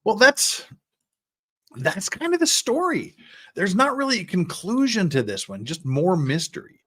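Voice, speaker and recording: A man's voice: high voice, unhurried. A man hosting a casual livestream, reading chat messages and rambling with frequent chuckles and restarts. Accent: American. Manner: lively, rambling, chuckles often, restarts words.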